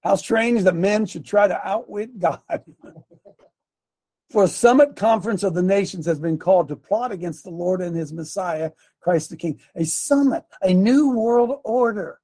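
A high-voiced man delivers a fiery sermon, swinging from emphatic shouting to sarcastic asides. He reads scripture aloud and calls directions to the crew between passages. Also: normal speed. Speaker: pastor.

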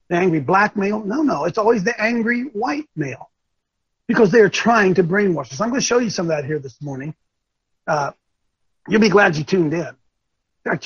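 A man's voice: high voice, slightly rough, dry recording, highs cut off. An older man hosting a talk show, delivering impassioned, preachy commentary and often repeating himself. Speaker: show host.

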